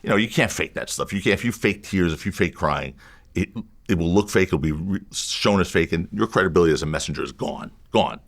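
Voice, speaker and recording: A defense lawyer as an interview guest, telling a story in an animated, emphatic way and repeating phrases to drive a point home. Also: male voice, sits low, brisk, gravelly.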